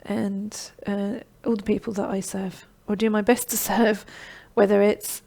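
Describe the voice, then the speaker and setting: A middle-aged woman hosts a live online session and talks viewers through her program. Her voice is mellow and warm, and she keeps it encouraging. She checks in with a steady "okay?" as she goes. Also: mid-range voice, unhurried, vocal fry. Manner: encouraging, repeats "okay?" often. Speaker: online course host. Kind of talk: live-streamed sales pitch and Q&A.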